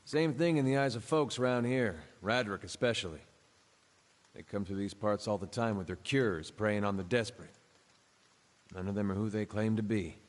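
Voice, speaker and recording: An actor voicing a big, smoking, wry man in a fantasy video game, speaking in a dry, sardonic, unhurried way. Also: on the low side, natural voice. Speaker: game character. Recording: long reverb.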